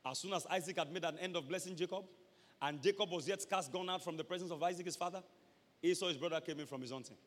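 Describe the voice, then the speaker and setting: A man with a Nigerian accent preaching a sermon, acting out scenes and breaking into loud shouts. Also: a little high. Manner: dramatic, acts out scenes, switches to loud shouts. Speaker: pastor. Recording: echoey hall with long reverb.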